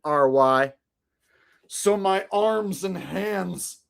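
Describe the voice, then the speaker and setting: This man's voice is high, slow, creaky, and a bit bright. He's running a live stream, sarcastically chatting with viewers and rambling from one topic to the next in casual commentary.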